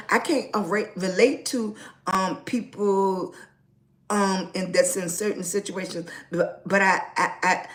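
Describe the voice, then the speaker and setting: A woman talks into her phone on a casual livestream. She speaks in an earnest, repetitive, preacher-like way and greets her viewers with warm affection. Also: mid-range voice. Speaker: lifestyle livestreamer.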